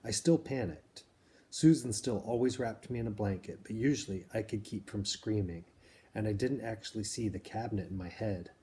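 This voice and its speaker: A man reading a novel aloud in a measured, plain way, pausing to explain the story to listeners. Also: lowish voice, mellow. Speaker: reader.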